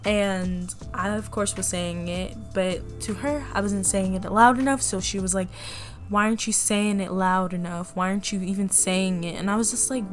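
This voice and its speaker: Young woman telling a lively storytime. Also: mid-range voice, normal speed, soft background music. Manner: animated, laughing, acts out quotes. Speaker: vlogger. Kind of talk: casual storytime vlog.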